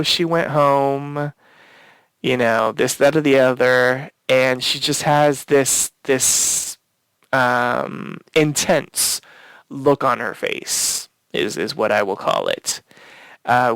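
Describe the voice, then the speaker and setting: A man co-hosting a podcast, recapping a TV episode in casual chat, rambling with fillers and restarts, swearing casually when excited. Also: medium pitch, creaky, clean tone, dry recording. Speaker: podcast co-host.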